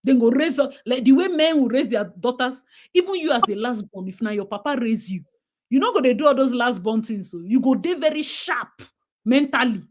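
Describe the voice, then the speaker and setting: A woman's voice: a little high, expressive, a little fast, darkish tone. A woman with a Nigerian accent talking emphatically in a casual discussion, slipping into Pidgin and acting out what parents say. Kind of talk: casual talk-show discussion.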